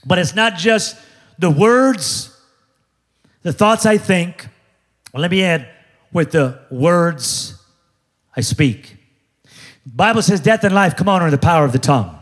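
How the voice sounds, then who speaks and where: A man with a high voice preaches a lively sermon from a church stage. He jokes, shifts into little acted voices of other people, and keeps his congregation involved. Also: unhurried, pauses often. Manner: animated, jokey, acts out voices of others. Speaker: pastor. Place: large church before a congregation.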